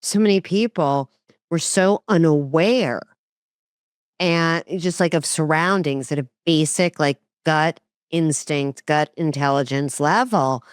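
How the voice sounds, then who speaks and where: A woman's voice: low voice, slow, clear, resonant tone, no room sound, studio quality. A woman hosting an interview, speaking casually and reflectively with frequent fillers. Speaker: host.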